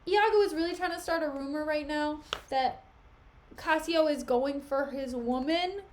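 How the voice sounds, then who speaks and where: A woman's voice: high-pitched, normal speed, slight background noise. A young woman live-streaming a play reading, chatting casually and sarcastically retelling the lines in modern slang. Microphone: desk mic for a live stream.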